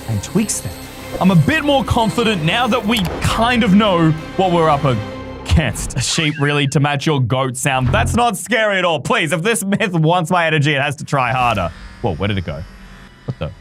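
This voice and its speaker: A man with a very high, lively voice commentates his gameplay, excitable and jumpy and quick to yelp and exclaim. Music plays clearly behind him throughout. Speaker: gaming video creator. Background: background music.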